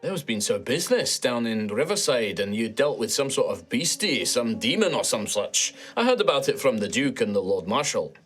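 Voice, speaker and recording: A man's voice: mid-range voice, big pitch swings, normal speed, hardly any pauses, slightly rough, faint music behind. A man voicing a friendly male dwarven knight on patrol, in a put-on Scottish accent, hearty and rambling. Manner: hearty, folksy, rambling with "aye" and "wee".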